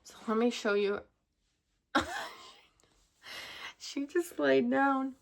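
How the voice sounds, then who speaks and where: A woman's voice: sits high, very slow, gravelly. A young woman vlogging at home, telling a rambling story to camera, full of fillers and restarts. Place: at home with pet rabbits.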